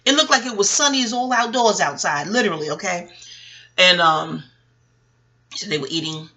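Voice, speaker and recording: A woman's voice: lowish voice, moderate pace, pushed and bright, a little hiss or hum. A woman podcast host and astrologer talking in a rambling, digressive chat, swearing freely. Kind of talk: casual chat.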